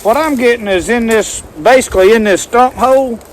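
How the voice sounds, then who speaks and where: A man's voice: extremely high pitch, fairly quick, a little hiss or hum. A man, rambling folksy as he talks to the viewer through a camera mic outdoors in the woods. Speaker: outdoor vlogger. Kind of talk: casual outdoor demonstration. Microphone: handheld camera mic.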